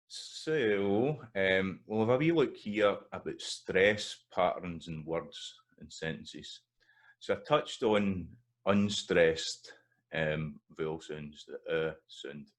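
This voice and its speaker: A Scottish man with a very low voice walks through a pronunciation lesson in an easygoing, unscripted way. He hesitates, restarts and fills pauses as he goes, and now and then sounds out rhythms syllable by syllable. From Scotland. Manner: relaxed, hesitant, many fillers and restarts. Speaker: language teacher. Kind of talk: explanatory video lesson.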